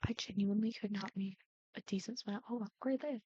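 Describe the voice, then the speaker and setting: A woman's voice: mid-range voice, fast talker, mellow, dry recording. A young woman YouTuber chatting casually over gameplay, rambling with frequent ums. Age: young adult. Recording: dull lo-fi dry sound.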